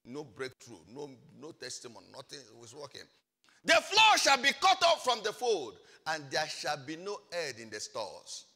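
A man preaching a sermon as pastor, swinging between hushed asides and loud, shouted exhortation. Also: on the high side, wildly swooping pitch, normal speed. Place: large church hall. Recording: church hall reverb.

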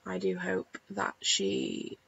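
Woman gamer, casual late-night commentary, gravelly tired voice, dull lo-fi home mic. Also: mid-range voice, fairly even intonation, a little slow, a little hiss or hum. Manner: rambling, soft-spoken with many ums. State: tired, croaky voice. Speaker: gaming YouTuber. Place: home at night with family asleep.

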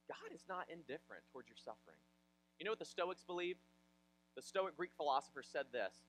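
A male pastor from Ohio delivers a sermon in an animated, conversational style. His voice sits high and swings widely in pitch. The tone is bright and forceful as he tells personal stories. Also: brisk, a little hiss or hum, poor audio. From Ohio, USA.

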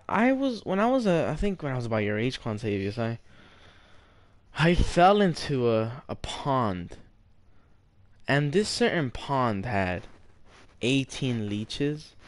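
A young man teasing a stranger over game voice chat, spinning mock-serious tall tales in a slow, unhurried delivery. He draws out names for comic effect and keeps a playful trolling tone. The sound is dry and close, with no room echo. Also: mid-range voice. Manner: playful trolling, mock-serious storytelling, drawn-out name calls. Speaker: gamer. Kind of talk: joking voice chat while playing a game.

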